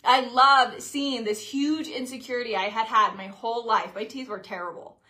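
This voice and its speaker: A woman in her late twenties speaks straight to her followers in a loose, chatty way. Her voice is bright and forward, sitting a little high for a woman, and she slips into quick acted-out lines of what she once thought. The feel is a relaxed personal vlog. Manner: chatty and expressive, acts out her own past reactions. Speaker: social media creator. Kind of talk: casual talking-to-camera vlog.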